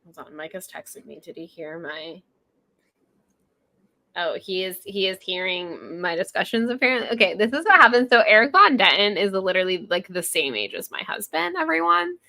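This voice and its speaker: Lively bright-voiced woman podcaster. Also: mid-range voice, normal speed, vocal fry. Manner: animated, laughing, acts out quotes. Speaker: podcast co-host. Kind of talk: casual chat.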